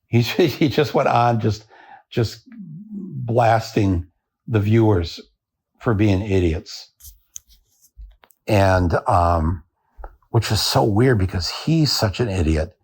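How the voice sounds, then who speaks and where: An older American man hosting a podcast, delivering a deadpan satirical monologue and chuckling at his own jokes. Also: fairly low pitch, takes it slowly, long pauses, husky. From United States. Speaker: podcast host.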